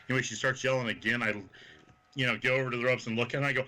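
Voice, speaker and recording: Guest wrestler, male, from Kansas, sharp bright tone, swears and acts out quotes. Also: mid-range voice, very fast. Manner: animated, swearing anecdotes full of quoted voices. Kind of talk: casual storytelling chat.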